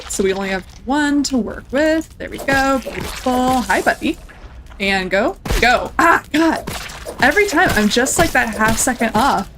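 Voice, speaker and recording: A woman's voice: on the high side, lively intonation, moderate pace, background noise. A young woman casually commentating her own gameplay, chatty and playful, talking to enemies and viewers. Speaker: gameplay streamer. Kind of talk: casual let's-play commentary.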